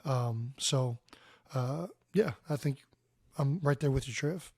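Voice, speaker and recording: A man's voice: medium pitch, darkish tone, no echo, studio quality. A man in his thirties, a podcast co-host speaking thoughtfully in casual talk. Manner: thoughtful, measured. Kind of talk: casual chat.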